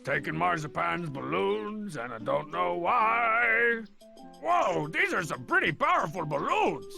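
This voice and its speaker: An actor playing a boastful, scheming cartoon tough guy in a video game, with a gravelly, theatrical voice. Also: sits high, very animated, measured pace, pushed and bright, soft background music, full character voice. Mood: smug.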